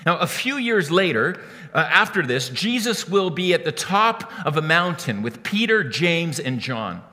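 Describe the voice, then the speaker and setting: A man preaching a sermon in an animated way, often repeating words as he starts a phrase. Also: fairly high pitch, measured pace, big-room sound. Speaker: pastor.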